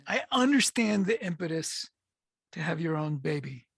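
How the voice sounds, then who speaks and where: A man hosting a podcast interview, asking long, rambling questions with halting restarts. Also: fairly high pitch, very animated, vocal fry, fairly bright tone, husky, no room sound, studio quality. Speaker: podcast host. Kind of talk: casual interview.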